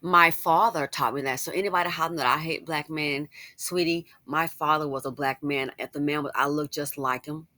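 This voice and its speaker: A woman's voice: low voice, fairly even intonation, fairly quick, few pauses, sharp tone, no echo. A woman giving sassy, chatty commentary to her viewers, with frequent asides. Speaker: online commentator. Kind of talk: casual commentary.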